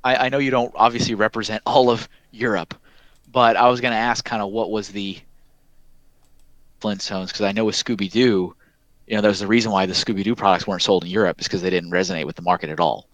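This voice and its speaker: A man with a lowish but bright voice, hosting a casual podcast chat. He asks his guests curious questions, and the sound is dry and close. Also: fairly even intonation, fast talker, no room sound.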